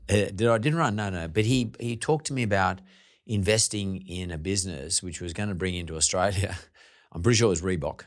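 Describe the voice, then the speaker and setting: Deep-voiced chatty male podcast host. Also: fairly quick. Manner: chatty, laughing, swears casually. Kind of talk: casual interview.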